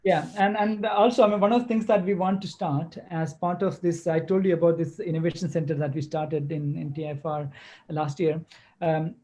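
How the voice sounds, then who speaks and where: Halting, mellow-voiced man from Kerala. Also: fairly high pitch, steady tone. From Kerala, India. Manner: halting, hesitant, full of restarts. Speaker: guest lecturer answering questions. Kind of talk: webinar Q&A.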